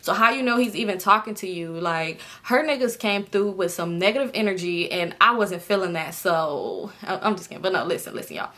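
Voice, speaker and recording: A woman in her twenties telling a story casually to camera, animated and swearing freely, jumping up in pitch when she acts out other people. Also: brisk, hardly any pauses. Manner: swears freely, talks straight to viewers. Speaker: storytime vlogger.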